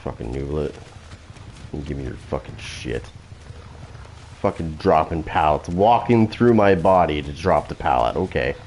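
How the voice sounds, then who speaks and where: A man's voice: very deep voice, animated, normal speed, a little hiss or hum, rough recording. A man giving profane, trash-talking commentary while playing a video game, taunting opponents. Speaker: gaming channel host. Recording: loud game sounds behind.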